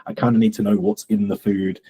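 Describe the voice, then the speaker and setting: A young man, a fitness coach, telling stories in a relaxed podcast chat and acting out what his clients say. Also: on the low side, fast talker, breathy edge, poor audio. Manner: relaxed storytelling, acts out quoted clients.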